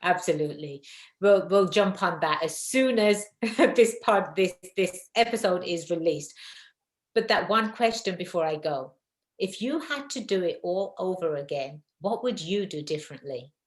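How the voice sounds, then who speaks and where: A woman with an English accent hosting a podcast, effusive and quick to laugh. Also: fairly low pitch, expressive. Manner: warm and effusive, laughs often. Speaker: podcast host. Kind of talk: casual interview chat. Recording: roomy echo.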